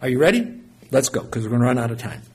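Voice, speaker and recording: Folksy preacher, husky voice. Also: male voice, medium pitch, very fast. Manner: folksy, animated storyteller, swings from loud to soft. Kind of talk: sermon with storytelling.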